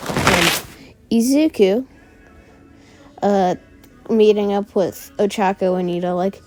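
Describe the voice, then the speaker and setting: A woman narrates a fan story in a loose, rambling way, full of "uh" and "like". Her voice is mellow and relaxed. Faint background music plays under her. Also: mid-range voice, unhurried, pauses often. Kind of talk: casual retelling of a fan story.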